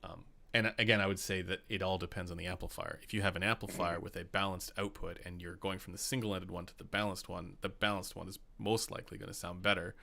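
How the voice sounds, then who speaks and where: Young Canadian host, low gravelly voice with a bright edge, chatty live-stream talk. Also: male voice, steady tone, quick pace, hardly any pauses, slight background noise. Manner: chatty, laughs often, many fillers. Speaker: podcast host. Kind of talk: casual live-stream chat.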